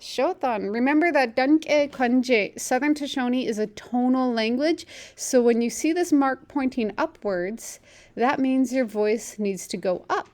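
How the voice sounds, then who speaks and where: A woman teaching a language lesson, saying model phrases slowly and clearly for learners to repeat, then explaining more quickly. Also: high voice, a little mellow.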